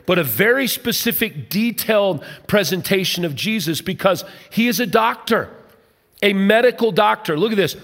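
Man preaching in a reverberant hall. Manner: conversational preaching, drops low and quiet for emphasis. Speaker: pastor. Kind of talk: sermon.

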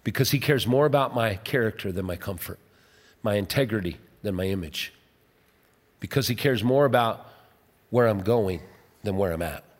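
A man preaching a sermon in a conversational way, his voice dropping low and quiet to stress points. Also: animated, normal speed, long pauses. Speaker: pastor. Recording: long hall reverb.

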